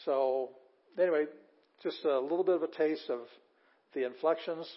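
Older man giving a patient lecture. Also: on the high side. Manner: plain, patient explaining with fillers and restarts, reading words slowly aloud. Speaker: Bible Greek teacher. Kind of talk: classroom lecture. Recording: dull, lo-fi lecture recording.

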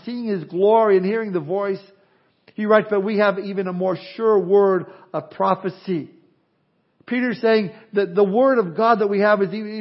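A male pastor preaching a sermon, swinging from loud emphasis to quiet asides. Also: high voice, lo-fi sound.

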